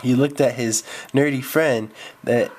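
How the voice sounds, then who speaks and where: A man's voice: mid-range voice, fairly even intonation, unhurried, darkish tone. A man telling an improvised story, rambling with restarts.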